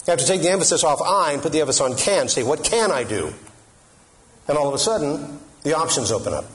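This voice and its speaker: A man's voice: a little high, expressive, rapid-fire, a bit bright. Joking man giving a Catholic talk. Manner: joking, conversational, asks the audience questions. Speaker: Catholic speaker. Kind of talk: humorous religious talk.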